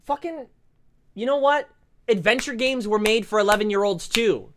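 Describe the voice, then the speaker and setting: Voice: medium pitch, moderate pace, slight background noise. A YouTuber ranting through a reaction to a game trailer, swearing constantly and swinging between hype and exasperation. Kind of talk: profane reaction rant.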